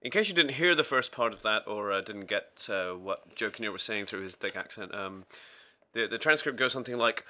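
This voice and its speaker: Guy on a podcast rambling thru a football story, lots of ums, bright clear voice. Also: fairly low pitch, animated, brisk. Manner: rambling with many fillers and restarts, acting out quotes. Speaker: podcast co-host telling sports stories. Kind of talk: casual storytelling.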